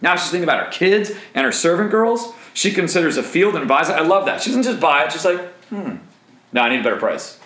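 A man in his thirties preaching a sermon in an animated, joking way, with asides to the crowd. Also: on the high side, fast, reverberant, poor audio. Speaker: pastor.

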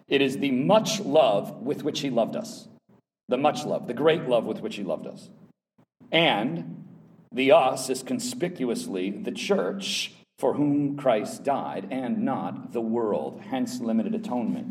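A man preaching as a pastor in a church Bible class, emphatic, with his voice rising to loud high peaks and dropping to quiet low asides. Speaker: pastor teaching adult Sunday school. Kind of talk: sermon-style Bible teaching. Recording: voice picked up from a distance off the mic.

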